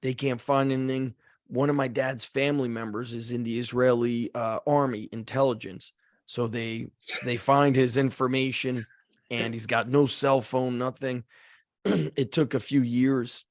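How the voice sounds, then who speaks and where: A man hosting a podcast, telling a casual story with lots of "like" and acting out the shouted lines of the people in it. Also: mid-range voice, unhurried, no echo, clean studio sound. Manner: animated storyteller, acts out shouted quotes, frequent "like". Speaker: podcast host.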